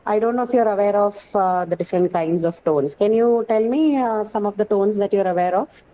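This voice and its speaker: A woman lecturer teaching a class, often checking in with the students and pausing with fillers. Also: medium pitch, mellow, rough recording. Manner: checks in with frequent "right?" and fillers. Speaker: university lecturer.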